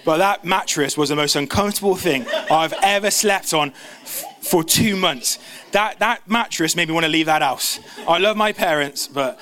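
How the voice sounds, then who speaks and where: A man preaching a sermon, talking fast with frequent restarts and stumbles. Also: a little high, noisy background. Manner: fast, stumbling, self-interrupting.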